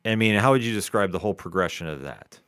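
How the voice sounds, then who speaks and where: A man co-hosting a comic book review podcast, calmly recapping the story. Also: on the low side, quick pace, clean tone, no room sound, studio quality. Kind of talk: casual review chat.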